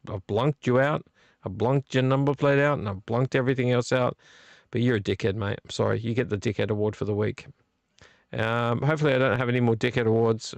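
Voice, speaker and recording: A man's voice: mid-range voice, gravelly, no echo. A man hosting a late-night live vlog, a bit tipsy from beer, rambling and blunt and swearing freely. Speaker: livestream host.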